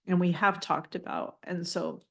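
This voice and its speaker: A woman giving a live channeled spiritual reading, gentle and affirming, often repeating phrases as she passes messages on. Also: fairly low pitch, fairly even intonation, moderate pace, vocal fry.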